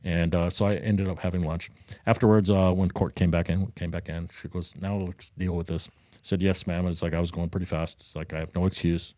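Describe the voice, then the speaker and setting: Man co-host, deep and dark-toned, casual anecdote with voiced-out quotes, dry close sound. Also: fairly quick, dry recording. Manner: animated, acts out quotes with a higher voice. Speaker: podcast co-host. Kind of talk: casual storytelling banter. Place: Daytona Beach, Florida.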